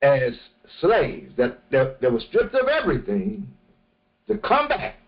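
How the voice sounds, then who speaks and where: A man teaching a morning religious session, speaking slowly and deliberately and often restarting his phrases. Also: on the high side, wildly swooping pitch, lo-fi sound. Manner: slow, deliberate, with many restarts. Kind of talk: morning lecture.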